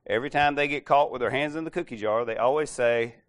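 A man casually retelling an anecdote, clearing his throat often and acting out the quoted lines. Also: medium pitch, fast. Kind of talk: casual storytelling talk.

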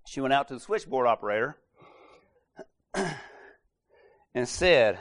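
A man casually retelling an anecdote, clearing his throat often and acting out the quoted lines. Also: medium pitch, lively intonation, slow pace, long pauses, a bit bright. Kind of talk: casual storytelling talk.

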